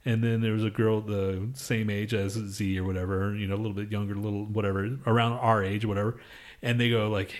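A man's voice: fairly low pitch, steady tone, a little fast. A young man co-hosting a podcast, telling loose, profane stories in casual chat and laughing often. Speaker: podcast co-host.

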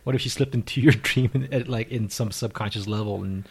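Husky, fast-talking man teasing his co-host. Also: lowish voice. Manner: quick teasing questions and crude jokes. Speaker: podcast co-host. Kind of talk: casual chat.

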